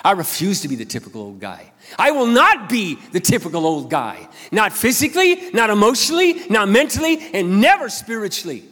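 Older male pastor, lively preaching in a hall. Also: sits high. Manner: swings between loud emphatic bursts and quiet intimate asides. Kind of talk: sermon. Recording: long hall reverb.

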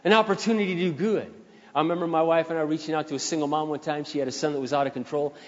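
Male pastor, slightly high voice, preaching with emphatic repeats; dull recording with long hall echo. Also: steady tone, rapid-fire. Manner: emphatic repetition, swelling louder on key phrases. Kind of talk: sermon.

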